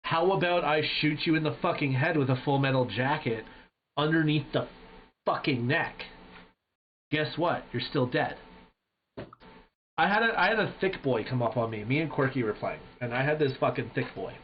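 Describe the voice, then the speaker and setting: A man streaming live, telling a gaming story in casual chat with animated, profane energy. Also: fairly high pitch, moderate pace, slight background noise. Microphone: headset. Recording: dull lo-fi stream audio.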